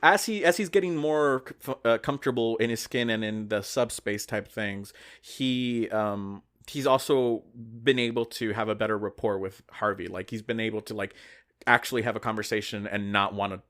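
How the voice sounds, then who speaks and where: A man's voice: fairly low pitch, normal speed, fairly bright tone. A man co-hosting a podcast in casual chat, retelling a story in a rambling way with lots of "like" and "uh". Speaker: podcast co-host.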